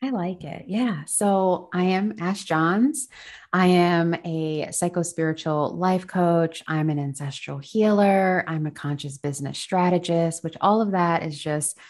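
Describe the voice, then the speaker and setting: A low-pitched woman speaks as a podcast guest and life coach. Her talk flows on earnestly, with easy laughter between thoughts. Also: measured pace, a little mellow. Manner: flowing, earnest, laughs easily. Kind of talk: casual podcast interview.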